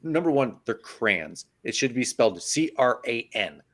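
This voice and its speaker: Male co-host, casual sports chat, mid-pitched voice, joking, slangy. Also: lively intonation, moderate pace. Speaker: podcast co-host.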